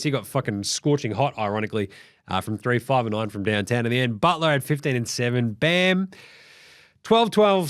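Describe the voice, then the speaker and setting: Australian man, young, sports recap host, sweary and jokey, pitch leaping all over. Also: dry recording, clean studio sound.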